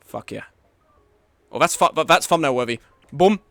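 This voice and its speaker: A young man streaming a game live, frustrated and swearing, swinging between low muttering and loud outbursts. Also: animated, moderate pace, vocal fry, no echo.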